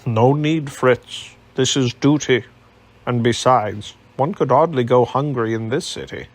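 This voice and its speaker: A loyal older soldier in a storybook reading, voiced by a man, plain and steady in his delivery. His gravelly, husky voice stays close to the reader's own mid register. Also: medium pitch, a little slow. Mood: dutiful. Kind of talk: audiobook character voice.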